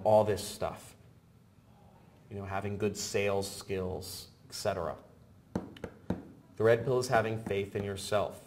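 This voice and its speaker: A man hosting a sales webinar over a video call, pushy and building to loud excitement. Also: lowish voice, a little hiss or hum. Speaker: webinar host.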